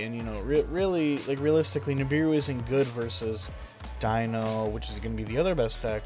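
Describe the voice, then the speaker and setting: A man's voice: medium pitch, a little fast, darkish tone, soft background music. A young man casually talking through a card game deck, enthusiastic and rambling with lots of fillers. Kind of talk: casual deck profile commentary.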